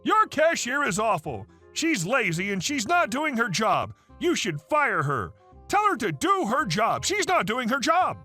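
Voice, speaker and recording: A man voicing an entitled woman customer in her early forties who yells and demands. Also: wildly swooping pitch, unhurried, soft background music, full character voice. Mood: screaming, demanding. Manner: shrill, demanding, yelling.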